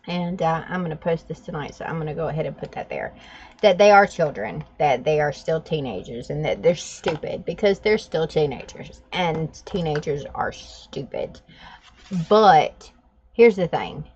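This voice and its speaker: A woman's voice: lowish voice, slightly rough. A woman vlogging, telling a story with laughs and then walking through a drawing tutorial in casual chat. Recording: dull lo-fi sound.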